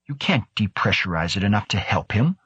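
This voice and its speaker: Frantic male life-support officer, insistent, voiced by the male reader, low. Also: very animated, fairly quick, a bit bright, slightly rough, no room sound, dull audio, full character voice.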